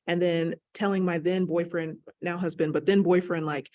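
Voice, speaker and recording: A woman patient panelist recounting her experience briskly and with wry humor over a video call. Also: on the low side, fairly even intonation, darkish tone. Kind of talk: personal testimony on a panel.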